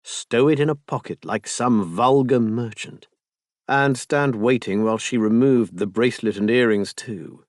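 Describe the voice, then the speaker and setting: A man narrates an audiobook from a script, telling the story in an expressive, measured manner. His voice is mid-range, and the studio-quality recording has no room sound.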